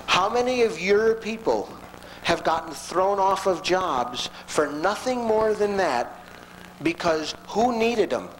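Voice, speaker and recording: A man giving a lecture as a story, animated and conversational, acting out the people in it. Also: high-pitched, slow pace, a little hiss or hum, poor audio. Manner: animated, conversational, acts out quotes.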